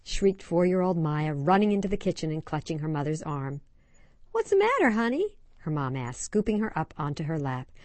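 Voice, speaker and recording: A woman co-hosting a talk show, reading a short story aloud in an expressive, dramatic way. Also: low-pitched, fairly quick, few pauses, no room sound. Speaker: radio show co-host. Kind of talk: scripted storytelling.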